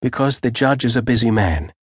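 A man voicing a calm, unbothered middle-aged female secretary in an audiobook, speaking in a composed, faintly derisive way. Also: medium pitch, a little fast, husky, no echo, clean studio sound.

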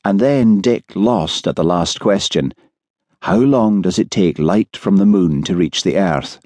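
Measured, low-voiced male audiobook narrator. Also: expressive, a little mellow, dry recording. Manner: measured storytelling. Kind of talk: scripted narration. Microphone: studio microphone.

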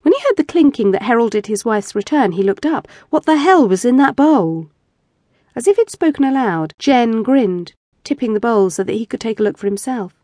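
A woman narrating erotic fiction with a measured, intimate reading on a close studio mic. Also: fairly high pitch, expressive, dark tone, no echo. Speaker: audiobook narrator.

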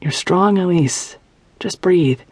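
A woman narrator voicing a young man, an anxious, caring husband, speaking gently and with worry. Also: fairly low pitch, takes it slowly, breathy edge, dry recording. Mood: soothing.

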